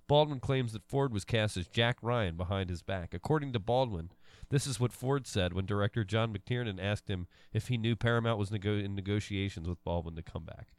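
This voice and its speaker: Low-voiced man in dry casual banter. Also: dry recording. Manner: reads articles aloud, laughing. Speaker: podcast co-host.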